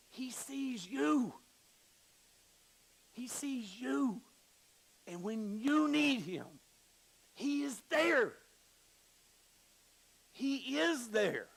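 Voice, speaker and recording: Gravelly high-voiced preaching man. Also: rough recording. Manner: preaches with wide swings from hushed to emphatic; storytelling with quoted voices. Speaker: pastor. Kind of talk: sermon. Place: church sanctuary.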